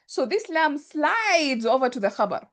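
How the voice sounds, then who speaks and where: Lady teaching grammar online, fairly high voice, keeps asking if it's clear. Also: expressive, normal speed. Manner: thinks aloud, checks students' understanding. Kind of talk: online class explanation. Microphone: video call.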